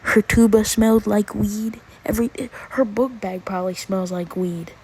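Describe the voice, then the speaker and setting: A woman's voice: medium pitch, steady tone, dark tone, a little hiss or hum, poor audio. A teenage girl telling a storytime rant in a casual, exasperated, slangy way. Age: teens. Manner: exasperated, slangy, drawn-out pauses. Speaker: vlogger.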